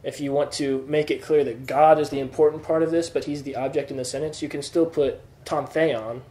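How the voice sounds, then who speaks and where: A man's voice: on the high side, fairly even intonation, a little fast, dark tone. A man teaching a classroom lesson, explaining patiently and checking that students follow. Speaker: Greek teacher. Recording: echoey room.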